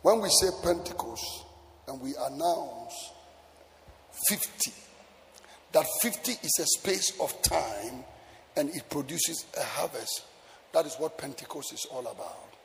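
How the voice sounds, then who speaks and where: A man's voice: a little high, lively intonation, measured pace, a bit bright, slight background noise. A male preacher delivering a sermon with emphatic, sing-song exhortation to his congregation. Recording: echoey hall with faint music.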